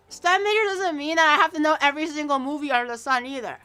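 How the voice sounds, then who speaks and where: A woman's voice: high voice, quick pace, few pauses, bright, forceful tone. A woman in her early twenties with a Canadian accent, chatting casually and teasingly with viewers on a livestream, with lots of fillers. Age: early 20s. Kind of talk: casual chat reacting to viewers.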